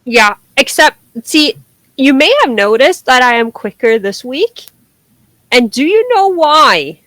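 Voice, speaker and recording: Chatty woman with a high voice. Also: big pitch swings, unhurried, a bit bright, no room sound. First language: Norwegian. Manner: chatty, laughs readily, rambling restarts. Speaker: podcast co-host. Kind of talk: casual chat.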